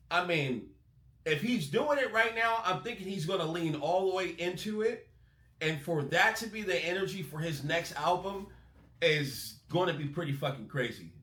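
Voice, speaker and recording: A man hosting a music breakdown channel, talking in a casual, excitable, profane way. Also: high voice, roomy sound. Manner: animated, excitable, swears freely. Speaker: music reaction host.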